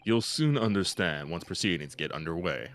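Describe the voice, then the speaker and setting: Man doing an old gravelly professor. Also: low voice, lively intonation, fairly bright tone, pitched below the performer's own voice. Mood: solemn. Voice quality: slightly gravelly. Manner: measured, formal and slow. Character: elderly formal male forensic professor.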